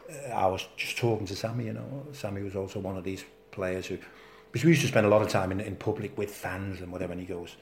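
Fast-talking Danish man with Scouse lilt. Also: low-pitched, creaky, slight background noise. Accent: Danish with a Liverpool lilt. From Denmark. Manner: animated, acts out quotes. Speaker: former footballer guest. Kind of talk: anecdotal interview storytelling. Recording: roomy echo.

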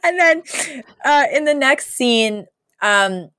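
A woman's voice: sits high, expressive, takes it slowly, pushed and bright, clear, resonant tone, no echo, studio quality. A young woman co-hosting a podcast in casual chat, retelling scenes with lots of laughs and fillers. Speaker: podcast co-host.

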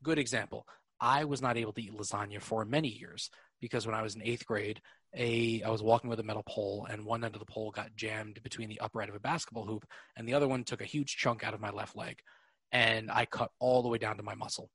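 Bright, husky-edged young man chatting. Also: on the low side, fairly even intonation, quick pace, dry recording. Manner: rambling, laughs often, swears casually. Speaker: podcast host. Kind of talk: casual podcast chat.

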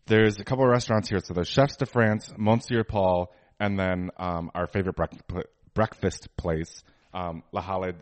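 A man's voice: lowish voice, steady tone, normal speed, hardly any pauses, dry recording. A man co-hosting a podcast, chatting casually and giving opinions, with lots of fillers. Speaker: podcast co-host. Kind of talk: casual chat.

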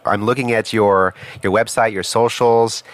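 A woman podcast host with a very low, deep voice. She asks her guest friendly, playful questions, and the recording is dry and close. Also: fairly even intonation, moderate pace, no room sound. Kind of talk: casual interview chat.

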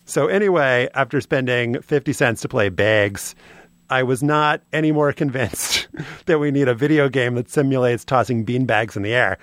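A man's voice: mid-range voice, normal speed, a bit bright, dry recording. A man co-hosting a podcast, telling a prepared story in a dry, wry way. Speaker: podcast co-host. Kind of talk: casual chat, reading a prepared segment.

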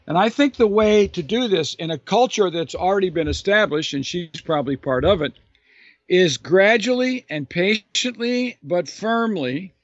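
A man with a somewhat high voice explains his views earnestly and thoughtfully, stressing key words and often restarting or repeating a phrase. The recording is dull and lo-fi with a dry, close sound. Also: no room sound. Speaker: author and Bible teacher answering a listener's question.

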